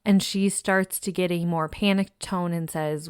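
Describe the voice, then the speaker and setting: A woman hosting a true crime podcast, narrating a case in a measured, somber way. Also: fairly low pitch, fairly even intonation, clean tone, no echo, studio quality.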